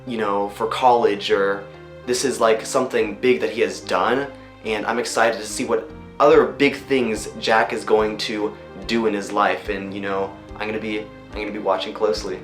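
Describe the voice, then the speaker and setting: A man who works as a voice actor chats loosely about his roles in a behind-the-scenes interview, often pausing on ums and you-knows. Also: lowish voice, little pitch movement, fairly bright tone. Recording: roomy room echo. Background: faint music.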